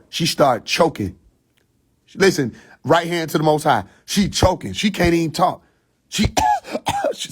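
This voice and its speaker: A man hosting a phone livestream, lecturing his viewers in a blunt, profane, swaggering way and laughing often. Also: high-pitched. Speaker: livestream host. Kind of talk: casual livestream monologue.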